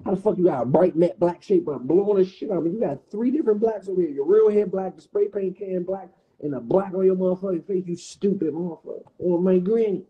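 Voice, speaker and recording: A man's voice: high voice, fast talker, few pauses, highs cut off. Profane, mocking DC-area man. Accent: Washington DC area. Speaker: livestream host. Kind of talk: casual roasting rant.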